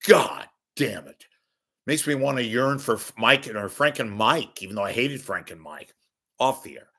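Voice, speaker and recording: A man's voice: mid-range voice, lively intonation, moderate pace, pushed and bright. A middle-aged man hosting a show, delivering a profane, sneering rant of media commentary. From San Francisco Bay Area. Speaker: podcast host. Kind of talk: ranting commentary.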